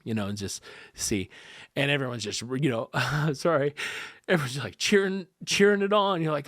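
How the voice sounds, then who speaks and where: A man telling a personal story in a casual podcast conversation, animated and acting out the voices of the people involved. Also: mid-range voice, a little fast, dry recording, studio quality. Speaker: guest.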